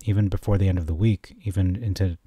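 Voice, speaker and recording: A man giving a casual, rambling stock chart analysis, often correcting himself and getting excited. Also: deep voice, fast talker, breathy edge, no echo, clean studio sound. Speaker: stock market commentator.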